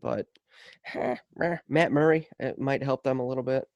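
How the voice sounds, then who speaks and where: A man's voice: medium pitch, steady tone, a little fast, a little mellow, no echo, dull audio. A man co-hosting a casual sports podcast, talking in a laid-back, dry way. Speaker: podcast co-host.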